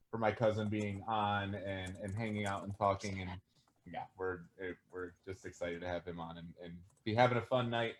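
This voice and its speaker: A man's voice: on the low side, slight background noise. A man hosting a casual webcast over a video call, rambling loosely and laughing often. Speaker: webcast host. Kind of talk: casual chat.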